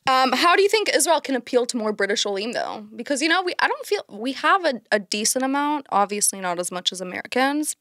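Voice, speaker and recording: A woman podcast host whose voice rises and falls a lot as she asks her questions. She sounds teasing and lively, recorded dry and close with no echo. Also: high voice, quick pace, hardly any pauses. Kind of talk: casual podcast interviewing.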